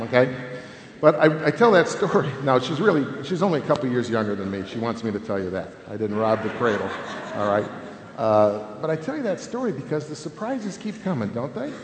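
A man in his fifties giving a humorous conference talk on family ministry, telling stories and checking in with "okay?" all the time. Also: medium pitch. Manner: animated, humorous, keeps adding "okay?". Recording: echoey hall with long reverb, faint noise.

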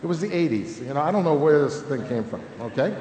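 A man's voice: fairly high pitch, fast talker. A man in his fifties giving a humorous conference talk on family ministry, telling stories and checking in with "okay?" all the time. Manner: animated, humorous, keeps adding "okay?". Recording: echoey hall with long reverb, faint noise.

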